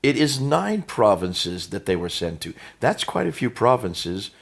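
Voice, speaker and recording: Deep-voiced American man, emphatic. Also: very animated, measured pace, creaky, slightly rough. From United States. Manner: emphatic, leading questions, methodical listing. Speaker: co-host. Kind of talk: apologetics discussion.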